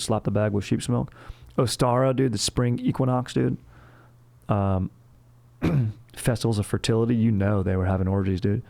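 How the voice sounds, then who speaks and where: A young man hosts a comedy history podcast, rambling in slangy, profane fashion and calling everyone dude and bro. His voice is on the low side, gravelly and warm.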